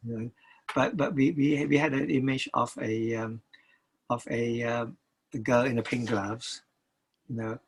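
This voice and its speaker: A man's voice: medium pitch, steady tone, slightly rough, low-quality recording. An older man, a record producer, talking as an interview guest, stopping and restarting his sentences often. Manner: halting, many restarts and repeated words.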